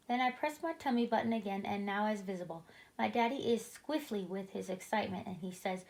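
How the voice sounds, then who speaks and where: A woman reading a children's book aloud with an expressive, animated delivery. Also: a little high, fairly quick, rough recording. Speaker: storyteller.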